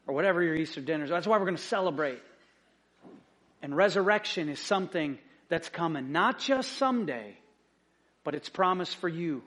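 A male pastor with a high-pitched voice preaches to his congregation. He talks with emphasis, pushing some points out loud and dropping others to a hush. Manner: emphatic, swings from loud to hushed. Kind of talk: sermon. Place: church sanctuary.

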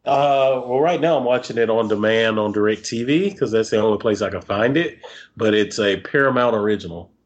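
A man's voice: on the low side, moderate pace, lo-fi sound. A man co-hosting a podcast, telling stories in a rambling, chatty way. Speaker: podcast co-host. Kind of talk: casual podcast chat.

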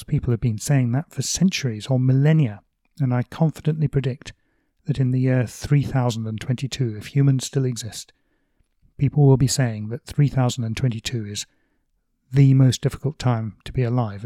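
A man hosting a podcast, giving measured, thoughtful commentary with a lightly wry touch. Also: mid-range voice, dark tone, no echo, clean studio sound. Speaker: podcast host and blogger.

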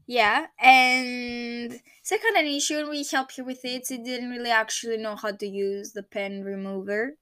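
Young Greek woman, high bright voice. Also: steady tone, moderate pace, dry recording, studio quality. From Greece. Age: 20s. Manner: rambling, searches for English words. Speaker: vlogger. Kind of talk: casual personal storytelling.

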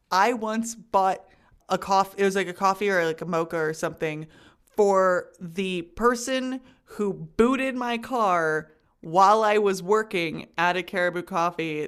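A woman's voice: fairly low pitch, fairly bright tone, clear, resonant tone. A young adult woman co-hosting a podcast in casual chat, playful, often laughing and acting out quotes. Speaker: podcast co-host.

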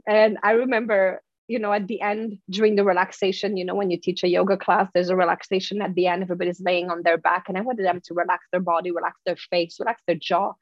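A woman with a French accent, a guest on an interview, telling animated, expressive stories with frequent restarts. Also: lowish voice, quick pace, hardly any pauses, no echo, highs cut off. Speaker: guest, confidence speaker. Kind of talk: casual interview storytelling.

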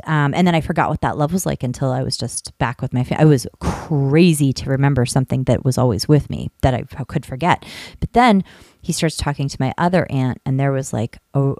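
Woman, low voice, dry close sound, rambling animated storytelling, casual swearing. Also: dry recording.

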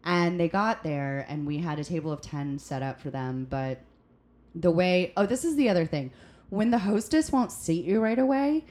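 A woman with a low, deep speaking voice tells workplace stories in a casual podcast chat. She is from the United States and gets animated as she tells them. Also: normal speed. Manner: animated storyteller, acts out quoted people. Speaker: guest, restaurant server.

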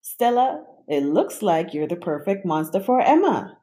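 A woman reading aloud as a growling monster boy from a bedtime storybook, bossy and brisk, rattling his words off quickly with a lively swing in his voice. he sounds gruff and sure of himself, giving orders. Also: lowish voice, a little hiss or hum.

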